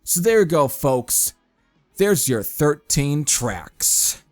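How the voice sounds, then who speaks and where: A man talks through a metal album review in a casual, rambling way, calling his listeners folks and stopping for an uh now and then. His voice sits a little high for a man, with faint music playing under it. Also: big pitch swings, slow pace, darkish tone. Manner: chatty, addresses viewers as folks, frequent fillers.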